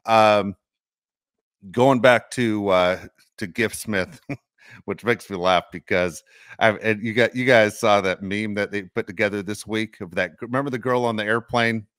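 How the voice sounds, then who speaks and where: His fairly low voice moves at a measured pace as he co-hosts a sports podcast, speaking informally and acting out fans' remarks with animation. The recording is dry and studio quality.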